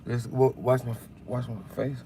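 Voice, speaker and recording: A man with a husky voice answers in short, sleepy mumbles from inside a car. He sits away from the phone, so he sounds faint. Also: medium pitch, level tone, moderate pace, mellow.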